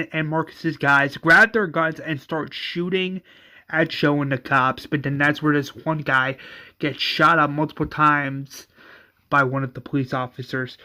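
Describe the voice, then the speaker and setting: A man's voice: fairly high pitch, sharp tone. A man casually retelling a fan-written episode, rambling with frequent fillers and restarts. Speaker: channel host.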